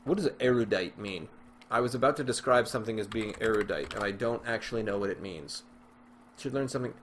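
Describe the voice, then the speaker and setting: A man's voice: lowish voice, a little fast, a little hiss or hum. A man giving casual gameplay commentary as a video host, rambling, self-deprecating and thinking aloud with frequent fillers and restarts.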